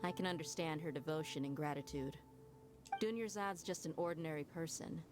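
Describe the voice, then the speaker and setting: An actress voicing a steady, serious female guardian in a video game, speaking calmly. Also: sits low, brisk, natural voice. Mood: earnest. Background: game soundtrack music.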